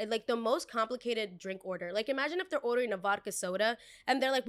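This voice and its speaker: A woman podcast host telling a story casually, with animated and dramatic retelling and quoted dialogue. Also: a little high, a little fast, few pauses.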